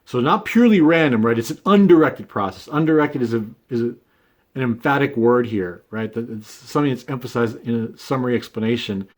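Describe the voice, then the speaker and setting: A man in mid-range voice thinks out loud to the camera, loose and conversational. He keeps checking in with quick asides and easy filler words as he works through his point. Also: mid-range voice. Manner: conversational, many fillers and "right?" tags. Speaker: video essay host. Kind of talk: casual unscripted monologue.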